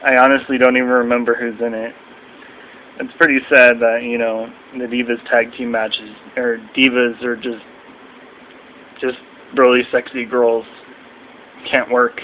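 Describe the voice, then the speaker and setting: A young man in a casual, rambling video review at home, now and then mimicking people in shrill voices. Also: flat delivery, unhurried, long pauses, narrow, tinny audio, slight background noise. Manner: rambling, acts out quotes in shrill mocking voices. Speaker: vlogger reviewing wrestling.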